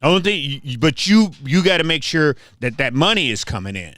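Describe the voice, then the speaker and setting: A man's voice: fairly high pitch, big pitch swings, a little fast, a bit bright, dry recording, studio quality. An older man hosting a livestream, ranting casually and trash-talking viewers, often repeating his words. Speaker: livestream host.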